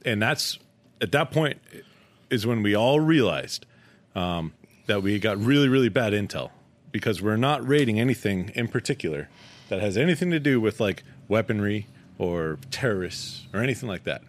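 A man's voice: fairly low pitch, moderate pace. A man co-hosting a podcast, telling crude stories in casual chat with heavy swearing and laughter. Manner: profane, animated, laughing storyteller. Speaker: podcast co-host.

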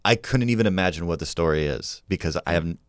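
A man comedian in casual chat, telling stories and jumping higher when quoting people. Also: quick pace, no echo, clean studio sound. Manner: storytelling, jumps high when quoting others.

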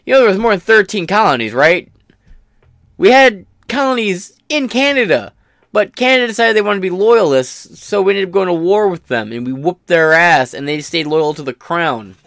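Profane, sarcastic man hosting a commentary podcast, a touch higher-pitched, dry booth sound. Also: expressive, moderate pace, gravelly, a bit bright, no room sound. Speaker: podcast host.

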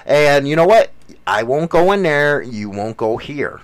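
A radio host with a Chicago accent, bantering in a brash, crude, teasing way. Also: male voice, on the high side, sing-song, unhurried.

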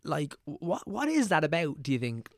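A man's voice: fairly high pitch, huge pitch swings, normal speed, no room sound, studio quality. A man from Ireland, hosting a casual podcast chat and asking rambling, hesitant questions. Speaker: podcast host.

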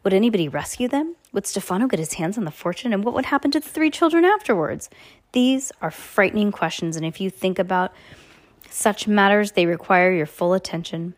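Brief: woman audiobook reader, quick pace, stumbles and restarts now and then. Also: medium pitch, expressive. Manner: brisk, with frequent slips and restarts. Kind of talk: reading a novel aloud.

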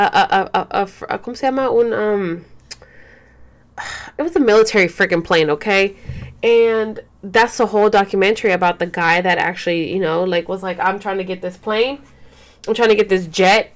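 Chatty, profane young woman vlogger. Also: mid-range voice. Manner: profane, rambling, code-switches into Spanish; frequent fillers and restarts. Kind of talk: casual chat to camera.

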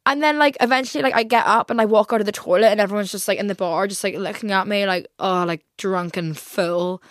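A woman's voice: mid-range voice, steady tone, rapid-fire, dry recording, clean studio sound. A young woman in her twenties with an English accent, chatting casually as a podcast host and rambling with lots of "like". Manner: rambling, heavy use of "like". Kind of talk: casual chat.

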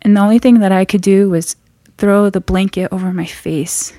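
A woman telling a frightening personal story in an earnest, halting way, often restarting her sentences. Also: mid-range voice, steady tone, warm tone, no room sound, studio quality.

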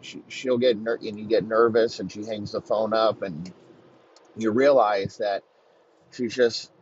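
A man's voice: lowish voice, fairly even intonation, slightly rough, dull audio. A man telling a crude improvised comedy story, rambling, swearing often and restarting sentences. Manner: rambling, profane, halting restarts.

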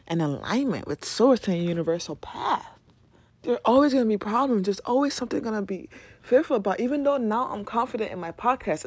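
A woman's voice: mid-range voice, darkish tone, husky. A woman hosting a casual spiritual podcast, talking animatedly, laughing and swearing as she acts out quoted voices. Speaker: podcast host.

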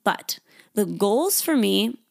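A woman's voice: sing-song, slow, creaky. Chatty young woman podcaster, swearing freely. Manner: chatty, swears freely, acts out inner voices with rising pitch. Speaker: podcast host. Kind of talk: casual solo podcast monologue.

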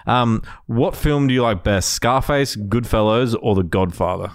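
A man's voice: mid-range voice, moderate pace, no room sound, clean studio sound. Man reading out listener questions. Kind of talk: casual podcast chat.

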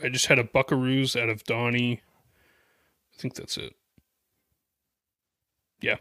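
A man's voice: medium pitch, level tone, bright, forceful tone, no echo, studio quality. A man co-hosting a podcast, teasing the others and pointing out what they missed. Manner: teasing, quick to correct others. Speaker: podcast co-host. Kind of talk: casual podcast chat.

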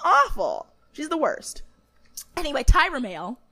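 This young woman's voice is high and a little slow as she co-hosts a podcast recapping a reality show. She keeps it casual and animated, laughing, swearing, ranting, and doing impressions of people.

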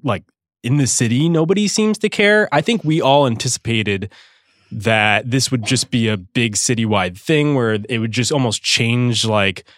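A male podcast host chatting casually about sports, relaxed and a little self-deprecating. His voice is mid-pitched and sits in a dry, close recording. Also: normal speed, no room sound.

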